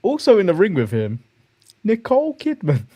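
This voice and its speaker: Relaxed English man telling a story. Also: high voice, moderate pace, background noise. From England. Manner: relaxed storyteller, retells stories with hesitations. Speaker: podcast co-host. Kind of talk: casual wrestling chat.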